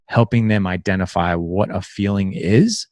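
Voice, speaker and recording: A man's voice: deep voice, no echo, clean studio sound. A middle-aged man in casual conversation as a podcast guest, talking from home on a video call and animatedly acting out bits of family dialogue. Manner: animated, acts out family dialogue in quick voices. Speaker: podcast guest, fellow father.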